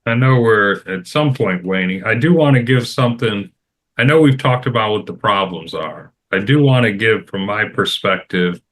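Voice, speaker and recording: A middle-aged man speaking in a fairly low voice on a casual roundtable discussion. He lays out practical advice with conviction, leaning on repetition to drive each point home. His delivery is firm and conversational. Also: normal speed, fairly bright tone. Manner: emphatic, repeats phrases for stress, gives advice. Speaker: roundtable panelist.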